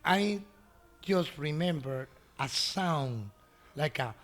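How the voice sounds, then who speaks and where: A middle-aged man whose first language is Spanish tells an animated story in broken English. His voice sits a little high for a man, and he laughs often as he acts out what other people said. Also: takes it slowly. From Mexico. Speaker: restaurant owner. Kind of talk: storytelling in an interview.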